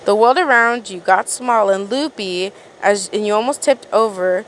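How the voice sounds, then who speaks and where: Woman fan-fiction reader, mid pitch, casual and stumbling. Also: moderate pace, fairly bright tone, a little hiss or hum, poor audio. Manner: casual reading, frequent stumbles and restarts. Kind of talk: reading a second-person story aloud.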